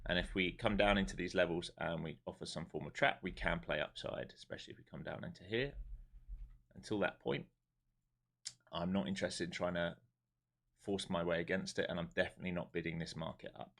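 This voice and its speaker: A laid-back man with a London accent talks loosely on a live trading stream. His voice sits very low and deep. He speaks bluntly and chattily, with the odd swear word. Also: fairly even intonation, brisk, fairly bright tone. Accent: London English. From London, England. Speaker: live-streaming day trader. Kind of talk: casual live-stream chat and market commentary.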